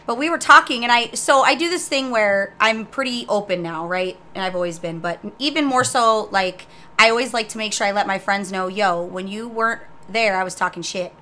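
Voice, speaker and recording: A woman co-hosting a casual gaming podcast, telling stories in a brash, profane, teasing way. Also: medium pitch. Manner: brash, profane storyteller, animated and quick to tease. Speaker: podcast co-host and guild master.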